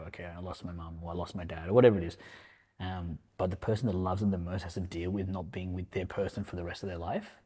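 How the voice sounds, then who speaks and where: A man speaking as a podcast guest in casual, emotional conversation, reflective and halting, dropping "man" and "like" between thoughts. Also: low voice, warm tone, slightly rough. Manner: reflective, halting, heavy use of fillers like "man" and "like".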